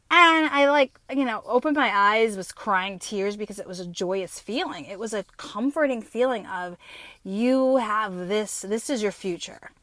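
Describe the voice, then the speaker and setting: A woman's voice: on the high side, a bit bright, dry recording. A woman in her fifties, hosting her podcast and telling a personal story in a blunt, profane way with many fillers. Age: 50s. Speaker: podcast host.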